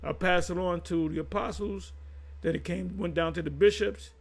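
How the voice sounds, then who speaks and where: A man's voice: high-pitched, fairly even intonation, normal speed, low-quality recording. A man giving informal religious commentary to his viewers, reading definitions aloud and explaining them in a conversational way that often repeats itself.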